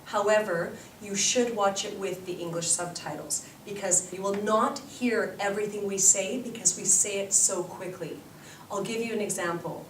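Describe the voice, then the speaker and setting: A woman with a Canadian accent, an English teacher giving encouraging advice to students and demonstrating sentences. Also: mid-range voice. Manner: encouraging, demonstrates sentences slowly then fast. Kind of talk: orientation talk to students. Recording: roomy echo, far from mic, faint noise.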